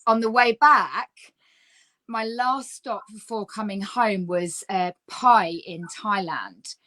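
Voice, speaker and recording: A woman, a guest telling her life story in a casual, lively chat full of fillers. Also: medium pitch, slow.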